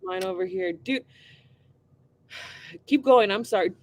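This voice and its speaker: A woman chatting casually on a group video call, slangy and quick to apologize. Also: fairly high pitch, sing-song, creaky.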